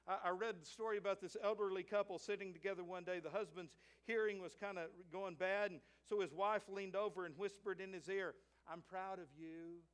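A man's voice: high voice, steady tone, a little fast, hardly any pauses. A pastor with a Southern US accent preaching to his church, telling folksy stories and often repeating a word as he starts a sentence. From United States. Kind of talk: sermon. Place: church sanctuary.

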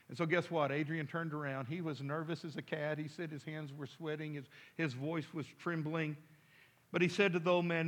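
A pastor telling a story during a sermon in a church, in an animated, dramatic way. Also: male voice, sits high, moderate pace.

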